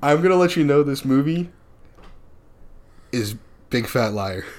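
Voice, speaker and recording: Guy in a casual chat, retelling a movie plot, animated, laughs a lot, mid pitch. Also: a little slow. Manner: animated storyteller who slips into character voices and laughs often.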